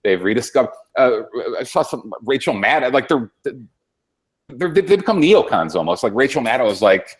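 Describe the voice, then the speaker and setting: A man's voice: medium pitch, big pitch swings, normal speed, husky. A man in casual political talk-show chat, rambling and sarcastic, swearing often.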